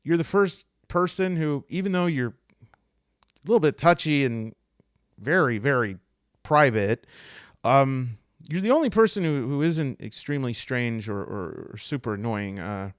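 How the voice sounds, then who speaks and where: Guy doing a flustered young hunter, stammers a lot, pitch jumping around, dry sound. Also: huge pitch swings, unhurried, long pauses, clean tone, no echo. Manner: stammering, rambling, apologetic.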